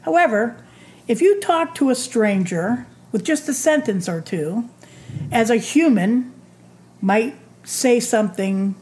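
A woman in her sixties, a retired teacher, giving a reflective talk in a thoughtful, drawn-out way. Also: mid-range voice, a little mellow. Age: 60s. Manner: slow, thoughtful, drawn-out phrasing.

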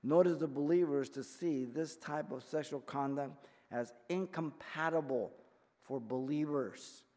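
A man in his sixties teaching a verse-by-verse Bible study as pastor, emphatic, swinging from quiet explanation to loud rebuke. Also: fairly high pitch, unhurried. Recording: long reverb of a hall.

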